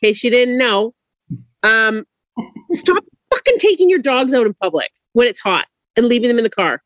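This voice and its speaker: A woman's voice: fairly high pitch, expressive, moderate pace, no echo. A woman chatting as a podcast guest, a little drunk, telling stories bluntly and with plenty of swearing. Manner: blunt and profane. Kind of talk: casual chat. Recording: dull, dry podcast audio.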